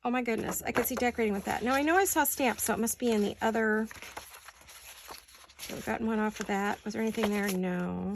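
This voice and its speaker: Chatty gravelly-voiced woman crafting at her desk. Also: fairly high pitch, a little fast, slight background noise. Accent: American. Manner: chatty, thinks aloud, gushes over pretty paper. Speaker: craft channel host. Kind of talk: casual craft chat while cutting paper.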